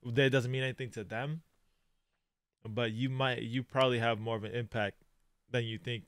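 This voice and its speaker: A man hosts an anime reaction, shifting from soft heartfelt reflection to loud outbursts in a slang-heavy way. His voice is smooth and full, at an everyday pitch. The sound is close and dry. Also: little pitch movement, normal speed, dry recording. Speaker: reaction channel host.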